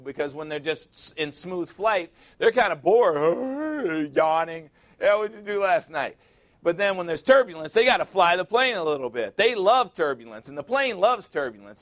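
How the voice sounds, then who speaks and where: Man, preacher, fairly high voice, conversational sermon, joking asides, emphatic. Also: a bit bright.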